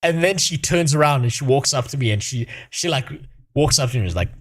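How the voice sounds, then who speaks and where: A man's voice: mid-range voice, lively intonation, quick pace. A man chatting on a stream with a sore throat. He rants and swears constantly. His voice swings widely up and down as he talks. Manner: swears often, rants animatedly. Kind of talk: casual reaction stream chat.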